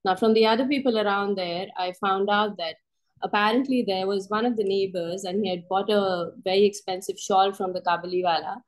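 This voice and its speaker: A woman telling a story in the first person as a storyteller in a workshop, raising her pitch for the voices she quotes. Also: fairly even intonation, fairly quick, rough recording.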